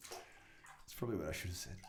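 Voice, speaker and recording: A man's voice: low voice, fairly quick. A man talking casually to camera in a rambling, self-mocking way, swearing constantly and laughing at his own jokes. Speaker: vlogger. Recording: echoey room with faint noise.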